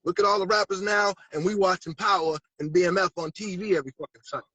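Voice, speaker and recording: A man's voice: high-pitched, steady tone, quick pace, sharp tone, slightly rough, dry recording, poor audio. A man from Massachusetts, a rapper guest, talking in a laid-back, slangy way in a casual interview. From Massachusetts, USA.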